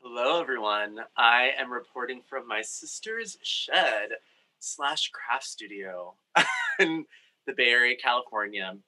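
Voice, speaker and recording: A man's voice: medium pitch, huge pitch swings, measured pace, bright, forceful tone, poor audio. A young man from Brazil, a storyteller with a campy, candid, playful way of talking, recording in a home craft studio. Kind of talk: personal storytelling.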